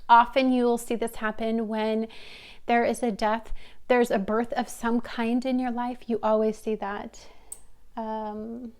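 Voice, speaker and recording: A woman's voice: fairly high pitch, flat delivery, a little slow, darkish tone, smooth. A woman giving a pick-a-card tarot reading to her viewers, talking in a hesitant, searching, heartfelt way. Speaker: tarot reader.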